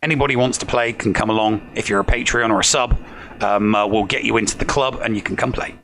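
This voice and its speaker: A man's voice: on the low side, steady tone, fast, a bit bright, slight background noise. A man co-hosting a podcast in casual chat, hesitant and full of fillers but jokey. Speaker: podcast co-host.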